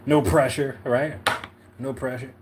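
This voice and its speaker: A relaxed man from Philadelphia talks his way through a tarot spread on a livestream, slangy and unhurried. His voice sits at an ordinary middle pitch. A faint hum runs under the recording. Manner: laid-back, slangy, often asks "you know what I'm saying". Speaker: tarot reader, livestream host. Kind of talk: casual livestream tarot reading.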